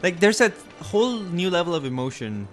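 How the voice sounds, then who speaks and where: A podcast co-host thinks aloud in a casual chat, hesitant and musing, with many restarts and fillers. His voice sits high with big pitch swings and moves a little fast. Soft music plays in the background.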